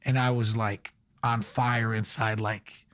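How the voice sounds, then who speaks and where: A man's voice: lowish voice, takes it slowly. A young man from Long Island, a restaurant owner, telling his story as a guest on a casual podcast, full of "like" fillers. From Long Island, New York. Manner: energetic storyteller, many fillers like "like".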